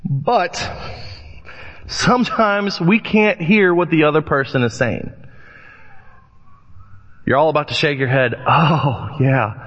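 A man preaching a sermon, reading scripture and telling lively anecdotes as he acts out voices in the stories. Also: fairly high pitch, slow, long pauses. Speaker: pastor. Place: church sanctuary. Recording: long church reverb, dull lo-fi sound.

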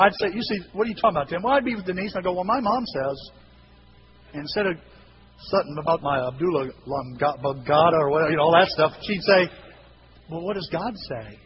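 A male pastor preaching a sermon, telling stories with lively acted-out voices and sudden shouts. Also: a little high, a little fast, a crowd in the background. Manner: animated storytelling, acting out voices with shouts. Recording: dull lo-fi recording with hiss.

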